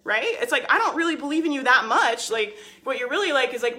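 A woman with a slightly high, bright, forceful voice coaching her audience on a live stream. She talks casually and persuasively, hammering her points home with constant "like" and "right?". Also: animated, fast, hardly any pauses. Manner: emphatic and persuasive, leans on "like" and "right?"; answers viewer comments by name. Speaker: business coach.

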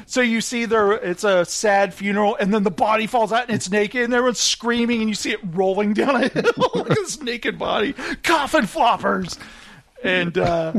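A man chatting casually as a podcast host, animated, laughing often and acting out quotes. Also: high voice, normal speed. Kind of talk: casual chat.

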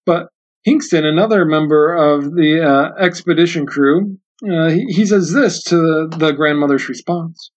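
A man's voice: fairly high pitch, unhurried. A man hosting a book discussion podcast, talking earnestly and often repeating himself as he thinks aloud. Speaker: podcast host. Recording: dull lo-fi sound.

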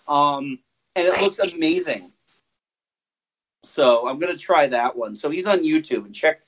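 A man's voice: on the high side, lively intonation, unhurried, a bit bright, slight background noise. A man hosting a podcast in loose, jokey casual chat, rambling with many fillers. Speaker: podcast host. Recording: muffled lo-fi sound.

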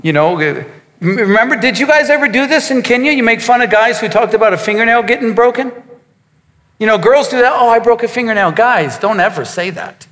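A man's voice: high-pitched, expressive, fairly quick, fairly bright tone, long reverb tail. A man preaching a sermon as a pastor, emphatic, with repetitions and asides to his congregation.

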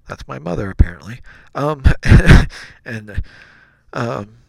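A man tells a childhood story in a loose, rambling way, often stopping to correct himself. His voice is gravelly with fry and moves a lot in pitch. The sound is close and dry. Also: slow pace, long pauses, no room sound. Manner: rambling, self-correcting, animated. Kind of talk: casual storytelling.

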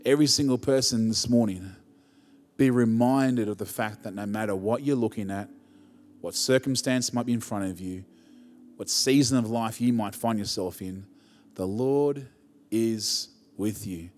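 A man's voice: fairly low pitch, moderate pace, darkish tone, in a large hall. A man preaching a conversational sermon as pastor, rising to emphatic peaks.

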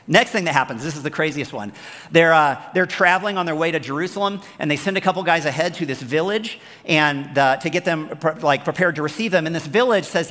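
A man preaching a sermon as pastor, talking in an animated, conversational way and telling stories. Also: fairly high pitch, brisk, in a large hall. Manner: animated, conversational, storytelling, acts out the characters.

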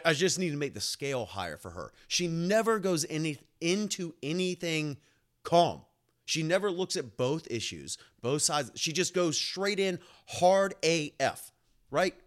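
A young man hosting his own podcast, rambling through a personal story in casual chat, animated and swearing freely, with lots of "like" and "uh.". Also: on the high side. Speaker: podcast host and nurse.

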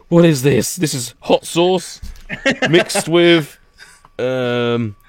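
A man's voice: fairly high pitch, animated, takes it slowly, slight background noise. A man co-hosting a podcast, ranting with laughter in a casual chat. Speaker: podcast co-host.

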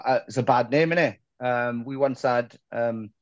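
A man's voice: medium pitch, moderate pace, dry recording, highs cut off. A man from Wales, a band singer, telling rambling, sweary anecdotes as a guest in a casual podcast chat. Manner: swears freely, rambling anecdotes with mock quotes.

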